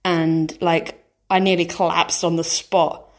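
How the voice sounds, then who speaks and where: A woman's voice: fairly low pitch, little pitch movement, slow pace. A young British woman, a medical student in her twenties, chatting casually with lots of "like". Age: 20s. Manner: filler-heavy, lots of "like". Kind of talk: casual chat.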